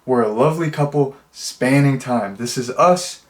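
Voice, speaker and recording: A man's voice: medium pitch, moderate pace, close to an everyday voice. Man quoting an exasperated, insistent young man. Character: irritated young man fussing over posed photos.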